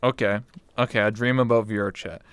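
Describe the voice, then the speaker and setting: Animated swearing young man telling stories. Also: fairly low pitch, a little fast, clean tone, dry recording. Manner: animated, swears freely, acts out his own reactions. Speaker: guest. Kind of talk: casual storytelling chat.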